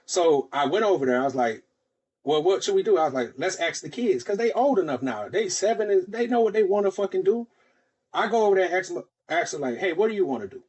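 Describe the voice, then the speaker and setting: A man's voice: sits high, fast, breathy edge. A man on a podcast telling a long personal story in casual chat, acting out the voices of the people in it. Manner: animated, acts out quoted voices. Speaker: podcast host.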